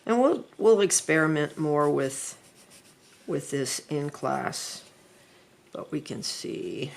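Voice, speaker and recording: A middle-aged woman, an art teacher, talking through a drawing lesson in an unhurried, chatty way while she sketches. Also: low voice, lively intonation, vocal fry.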